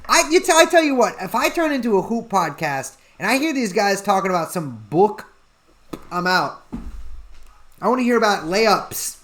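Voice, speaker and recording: A man co-hosting a podcast, joking around in a goofy way and playing dumb about sports. His pitch swings widely from line to line, giving the banter a lively feel. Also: normal speed. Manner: playful, goofy, feigns ignorance about sports. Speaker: podcast co-host. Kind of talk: casual joking chat.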